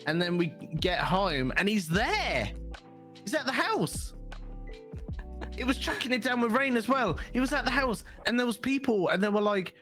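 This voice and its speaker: A man's voice: sits high, moderate pace, soft background music. Rambling man telling a story. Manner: rambling, animated storyteller who swears freely. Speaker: podcast co-host. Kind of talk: casual podcast chat.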